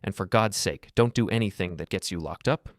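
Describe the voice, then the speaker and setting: A man reading the lines of a blunt, worried friend in a storybook narration, raising his voice and pitch a little. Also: brisk, no echo, clean studio sound, lightly acted. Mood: warning.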